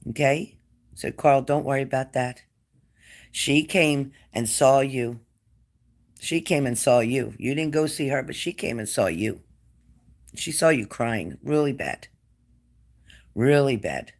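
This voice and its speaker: A man giving a spirit-medium reading to a client, gentle and coaxing, repeating his phrases. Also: mid-range voice, measured pace, pauses often. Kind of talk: reassuring psychic reading to a client.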